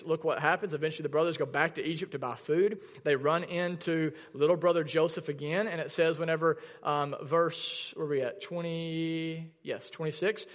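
A man's voice: on the high side, long reverb tail. A male pastor preaching a sermon in a church, reading scripture aloud and asking the congregation questions in a conversational way. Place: church sanctuary.

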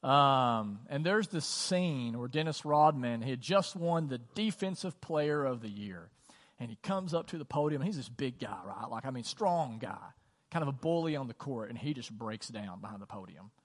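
A man preaching a sermon as pastor, conversational and earnest, repeating phrases for emphasis. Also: medium pitch. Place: church sanctuary. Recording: long church reverb.

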